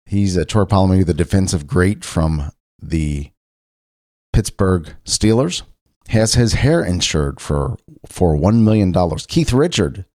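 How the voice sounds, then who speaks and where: A man's voice: deep voice, a little mellow, no echo, clean studio sound. A man from Cincinnati, Ohio, hosting a casual solo talk show, rambling loosely with frequent restarts. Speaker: podcast host.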